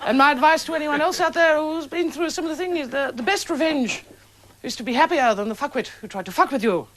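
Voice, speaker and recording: A young adult woman telling a stand-up story in a dry, deadpan way to a laughing live audience. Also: high-pitched, quick pace. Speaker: comedian. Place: stage before a live audience. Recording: lo-fi old television recording with loud hiss.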